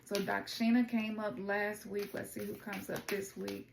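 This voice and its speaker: A middle-aged woman with a Memphis Southern accent chats informally through an oracle card reading, calling her viewers y'all. Her voice has a gravelly edge. The sound is roomy, with a clear echo around her. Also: medium pitch, level tone, moderate pace, a little hiss or hum. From Memphis, Tennessee. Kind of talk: casual spiritual card reading.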